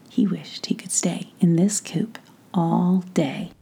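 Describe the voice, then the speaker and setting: A woman whispering a gentle bedtime story, soft and calm. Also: on the low side, slow pace, creaky.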